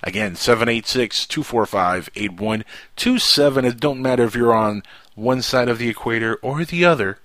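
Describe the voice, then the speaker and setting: A man's voice: medium pitch, normal speed, fairly bright tone, no echo. A man hosting a casual radio talk show, rambling and jokey. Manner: rambling, jokey storyteller who slips into impressions.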